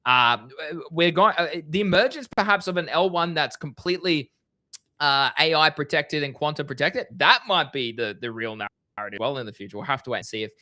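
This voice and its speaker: A man's voice: a little high, fairly quick, bright, forceful tone. An Australian man hosting a casual livestream chat, friendly and chatty with frequent fillers. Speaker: livestream host.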